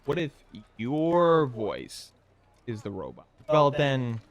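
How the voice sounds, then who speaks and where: A man's voice: medium pitch, very animated, slow, no room sound, muffled recording. A male streamer chatting casually while he plays a game, rambling, trailing off and swearing now and then. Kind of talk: casual gaming stream chat.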